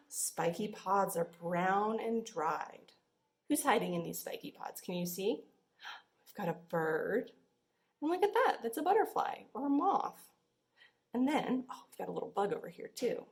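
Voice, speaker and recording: A woman's voice: fairly high pitch, big pitch swings, moderate pace, gravelly, darkish tone. A young woman librarian leading a children's storytime, bubbly and sing-song. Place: library room. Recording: echoey room.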